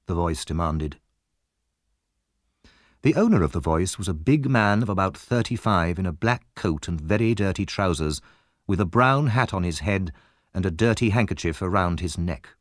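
A male narrator reads a classic story aloud in an expressive, lively way. His voice sits fairly low but moves widely up and down, and the recording is dry, with no room sound around it. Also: moderate pace, no room sound.

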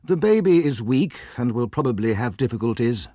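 A man voicing a weary male workhouse doctor who speaks briskly and matter-of-factly. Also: medium pitch, animated, dark tone, no room sound, studio quality, voice pushed up, lightly acted.

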